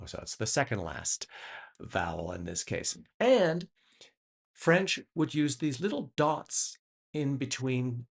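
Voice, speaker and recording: A middle-aged man giving a reflective, explanatory monologue as host. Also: medium pitch. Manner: thoughtful, explanatory, with lively shifts in emphasis.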